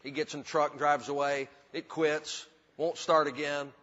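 A man's voice: on the high side, level tone, normal speed, a bit bright, slight background noise. A male pastor, preaching a sermon in a folksy, emphatic way, with repetition and humor. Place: church sanctuary. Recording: dull hall recording with long reverb.

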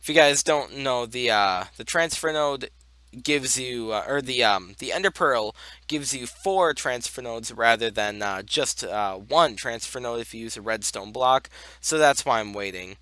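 A man's voice: medium pitch, expressive, a little slow, pushed and bright, no room sound. A young man giving casual, rambling commentary over his gameplay, full of fillers as he walks through each step. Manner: rambling, many fillers, talks through steps. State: hiccups. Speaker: gaming channel host.

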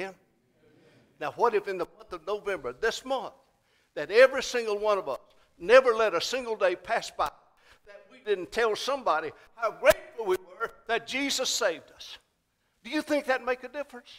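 A man delivers a church sermon. He has a high voice and swings from folksy storytelling to emphatic, repeated exhortations. He sounds like a pastor speaking from the pulpit in a sanctuary. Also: fairly bright tone.

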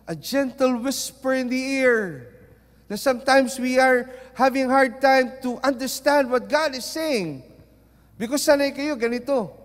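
A man preaching a sermon, mixing Tagalog into English and moving between loud and soft. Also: very high voice. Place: church. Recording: long reverb of a large hall.

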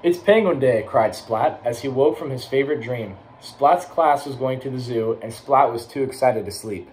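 A young man reads a children's picture book aloud for schoolchildren. His voice sits at a middle pitch, lively and animated, and he slips into quick character voices as he goes. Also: a little hiss or hum, low-quality recording. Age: young adult. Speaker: college athlete reading aloud.

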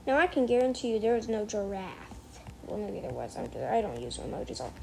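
A woman's voice: medium pitch, sing-song, a little fast, vocal fry, a little hiss or hum, low-quality recording. A female gamer chatting casually over her gameplay, rambling, correcting herself mid-sentence and slipping into mock outrage. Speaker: gameplay streamer.

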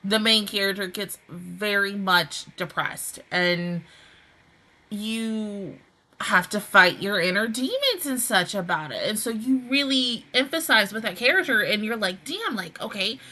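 A woman hosts an anime reaction and review video, talking in a rambling, animated style, correcting herself and swearing casually. Her voice is mid-range and a little slow.

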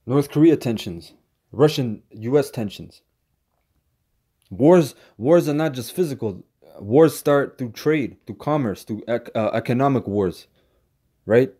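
This street preacher addresses the camera in a mid-range voice that's expressive and dark with a breathy edge. He launches into a profane, combative rant, stuttering through halting repeats and restarts and ending phrases with "man".

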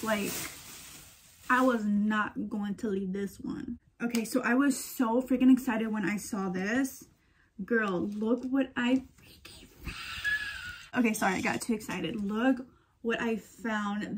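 A young woman vlogger chatting excitedly to her viewers about what she bought, calling them girl and y'all. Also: a little high, a little hiss or hum. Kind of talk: casual haul vlog chat.

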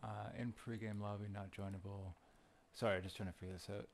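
A man's voice: fairly low pitch, little pitch movement, brisk, vocal fry, a little hiss or hum. A man joking and teasing his friends in casual chat while setting up an online game. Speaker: gamer in a party chat.

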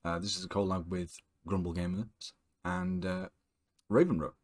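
A man hosts a multiplayer game session in a loose, chatty way. His voice sits very low, and he talks with plenty of fillers and restarts, a touch nervous. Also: big pitch swings, moderate pace, gravelly. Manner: nervous, rambling intro with fillers. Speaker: channel host. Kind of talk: casual gaming chat.

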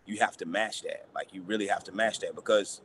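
A low-pitched man answers as a basketball coach at a press availability, stopping and restarting, repeating words and leaning on fillers. Faint ambient noise sits behind him. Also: steady tone, fairly quick, a bit bright.

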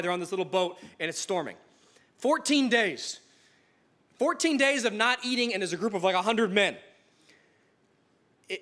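A man preaching a sermon in a church, telling stories in a casual, animated way with frequent restarts. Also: sits high. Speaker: pastor.

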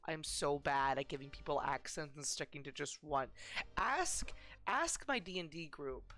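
A woman's voice: low-pitched, animated, a little slow, fairly bright tone, faint music behind. Rambling, giggly woman streamer. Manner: self-deprecating, giggly, rambling with fillers. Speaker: game streamer. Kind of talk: casual live-stream chat.

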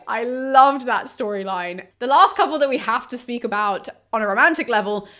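A woman's voice: fairly high pitch, a bit bright. A young woman, chatting casually and enthusiastically about a book series, full of asides and strong opinions. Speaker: book reviewer. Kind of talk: casual chat.

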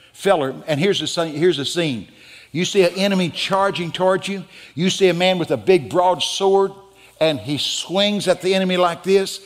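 Preaching man in a reverberant church. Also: sits high. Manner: dramatic preaching, rising to loud emphatic peaks. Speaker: guest pastor. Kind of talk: sermon. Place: church sanctuary. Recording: church hall with long reverb.

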